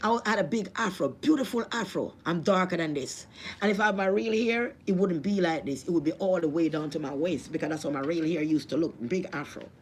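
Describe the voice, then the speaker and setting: A woman's voice: lowish voice, fairly quick, slight background noise. A woman with a Jamaican accent telling a personal testimony, emotional and repetitive, with religious appeals. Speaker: vlogger.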